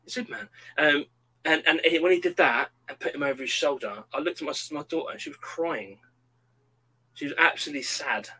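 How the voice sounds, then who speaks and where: A man's voice: a little high, fairly quick, breathy edge, low-quality recording. A man in his thirties, chatting casually and acting out quotes as he tells stories. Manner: animated storyteller, acts out quotes. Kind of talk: casual chat.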